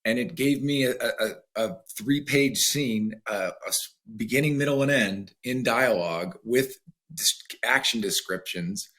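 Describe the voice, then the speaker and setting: A man's voice: medium pitch, unhurried, fairly bright tone. A man hosting a podcast in casual conversation, curious and asking follow-up questions. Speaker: podcast host.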